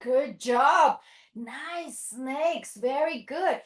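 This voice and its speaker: Lady running toddler yoga, high sing-songy voice, takes it slow, cheering the kids on, echoey room. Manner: sing-song, encouraging, slow and drawn-out with playful animal sounds. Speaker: children's yoga teacher. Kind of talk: toddler yoga demo class.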